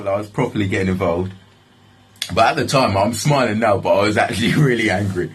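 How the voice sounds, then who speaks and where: A man's voice: on the low side, fast, breathy edge, low-quality recording. A young man telling a story in a casual, rambling way, swearing often and leaning on filler phrases. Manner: swearing, rambling, repeats "like, literally".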